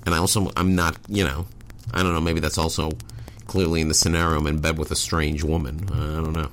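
A man with a very low voice rambles through stories as a guest in a studio chat, stacking fillers and making fun of himself. Faint ambience runs beneath his voice. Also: little pitch movement, fairly quick, slight background noise. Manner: rambling, self-deprecating storyteller with many fillers. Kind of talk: casual interview chat.

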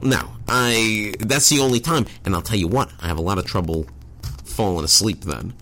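A man's voice: fairly low pitch, normal speed, fairly bright tone, slight background noise. A man who is a guest in a studio interview, rambling through stories with lots of fillers and self-mockery. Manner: rambling, self-deprecating storyteller with many fillers. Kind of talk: casual interview chat.

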